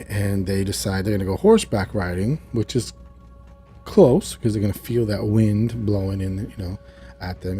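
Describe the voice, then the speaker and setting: A chatty man with a low, mellow voice casually recaps a show episode, piling on asides as he retells it. Faint music runs softly behind him. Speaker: video reviewer.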